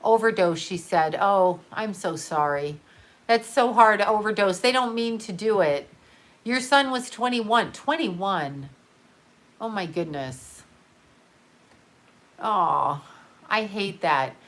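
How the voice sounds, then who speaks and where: A middle-aged woman hosting a livestream, talking in a halting, emotional way with many fillers and restarts, grieving and swearing casually as she reads viewer comments. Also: medium pitch, animated. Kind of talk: unscripted livestream talk.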